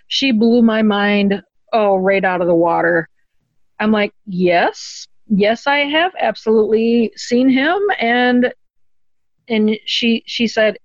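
An earnest woman recounts a deeply personal story as an interview guest. She talks through tears at moments and lifts her voice to quote others. The sound is close and dry, slightly dull. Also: slow pace, dry recording. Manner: earnest, tearful at moments, quoting others in a lifted voice.

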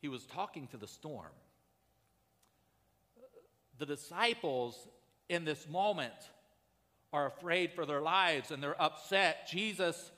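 Male pastor, conversational sermon delivery that builds to urgency, bright timbre, long hall reverb. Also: fairly high pitch. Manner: conversational preaching, rising to urgent emphasis.

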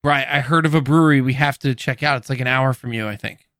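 A man co-hosting a casual podcast, relaxed and wry. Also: medium pitch, fast, no room sound. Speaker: podcast co-host. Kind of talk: casual chat.

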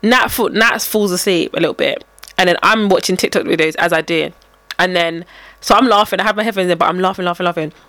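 Animated young woman telling stories. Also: lowish voice, fast talker, no room sound. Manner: animated storytelling, acting out quotes with lots of laughing. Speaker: podcast co-host. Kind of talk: casual chat.

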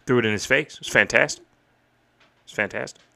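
A man hosting a podcast, recapping a wrestling show in casual, excited, profane chat. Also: medium pitch, a little fast, vocal fry. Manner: excited, profane, recounts and quotes matches. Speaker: podcast host. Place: home streaming setup.

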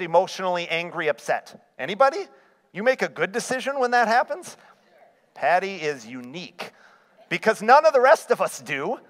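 A man's voice: high voice, a bit bright. A man preaching a sermon, asking his congregation rhetorical questions. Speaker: pastor. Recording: long reverb of a hall.

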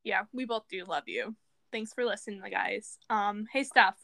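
A young woman co-hosting a podcast in casual chat, animated and playfully indignant. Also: medium pitch, moderate pace, vocal fry. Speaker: podcast co-host.

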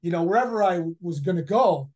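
Rambling fifties man, slightly high voice. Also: animated, quick pace, a little mellow. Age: 50s. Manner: rambling, repeats words, many fillers. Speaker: head football coach, guest. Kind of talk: casual interview storytelling.

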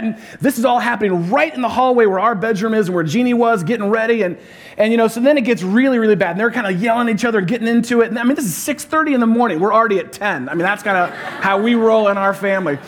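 Pastor, male, high-pitched, easygoing storyteller with a light comic touch. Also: quick pace. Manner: humorous storytelling, conversational. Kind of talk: sermon.

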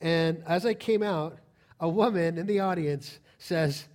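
In a church, a man with a strikingly high voice delivers a sermon to his congregation at a measured pace. His manner is lively and direct, and he keeps posing rhetorical questions to those listening.

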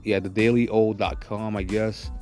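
A man's voice: fairly low pitch, level tone, normal speed, darkish tone, faint music behind. A man hosting a podcast, ranting aggressively with constant swearing and asking "you know what I'm saying" again and again. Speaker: podcast host. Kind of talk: profane ranting monologue.

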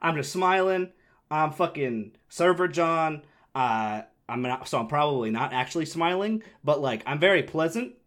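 A young man with an animated delivery, casually telling a story on a podcast, swearing freely and acting out the voices of the people in it. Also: a little high, normal speed. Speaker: podcast co-host.

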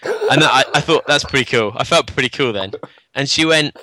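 A man on a podcast telling a story in casual chat, animated, acting out the dialogue and laughing often. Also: medium pitch, moderate pace, no room sound.

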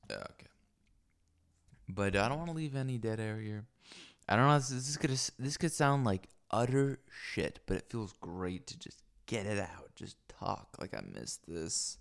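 A solo podcaster who lives in Los Angeles rambles crudely into a stand-mounted microphone in a small home room, full of fillers and restarts. His voice is fairly low, gravelly and very animated, measured in pace with frequent pauses.

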